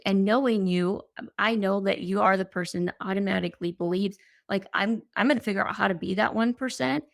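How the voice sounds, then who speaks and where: Gravelly-voiced woman interviewer. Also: mid-range voice, no echo, clean studio sound. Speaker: host.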